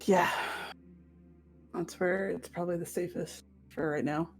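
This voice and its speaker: A woman's voice: lowish voice, fairly even intonation, a little slow, a little mellow, soft background music. A woman playing a young adventurer in a tabletop role-play, speaking hesitantly with many fillers. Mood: earnest.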